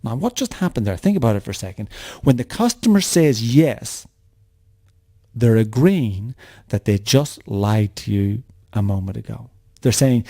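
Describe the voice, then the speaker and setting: A man's voice: mid-range voice, animated, measured pace, mellow. A middle-aged man teaching a sales lesson in a conversational way, often repeating words as he acts out what customers say. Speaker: sales trainer. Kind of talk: coaching lesson to camera.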